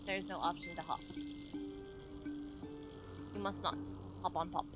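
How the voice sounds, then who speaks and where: Her voice is on the low side, steady in tone and a little slow, as she streams a game live and meows along while chatting playfully with her viewers. Game soundtrack music plays clearly behind her commentary.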